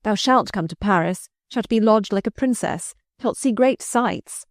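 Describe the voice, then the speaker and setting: A woman reading the part of a rough, boastful young man who drinks and brags of cutting throats, in archaic speech. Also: medium pitch, measured pace, no room sound, clean studio sound, voice pushed up, close to an everyday voice. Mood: coaxing. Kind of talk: audiobook character reading.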